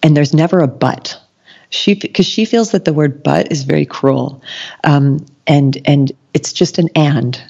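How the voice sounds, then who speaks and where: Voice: medium pitch, unhurried, vocal fry, a little mellow, breathy edge. A podcast guest talking casually, rambling with many ums and restarts and acting out quoted lines. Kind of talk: casual conversation. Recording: dull lo-fi sound.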